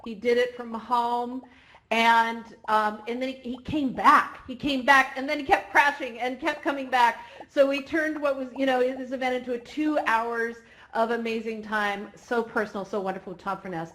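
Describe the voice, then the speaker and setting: Woman hosting a vr event, kinda high voice, chatty and teary. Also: fairly even intonation, normal speed, fairly bright tone. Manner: emotional, chatty, on the verge of tears. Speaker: event host. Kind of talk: excited live event hosting. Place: virtual reality event.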